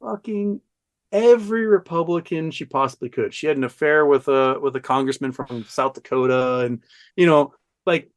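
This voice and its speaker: A man talking as a podcast guest, telling a story in an animated, profane way and laughing often. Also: on the high side, moderate pace. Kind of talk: casual storytelling chat.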